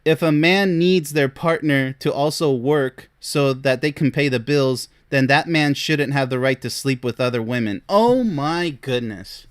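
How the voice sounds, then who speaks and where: A man's voice: mid-range voice, steady tone, moderate pace, hardly any pauses. A man, a relationship coach, reacting to a case with scolding, incredulous commentary and laughing between remarks.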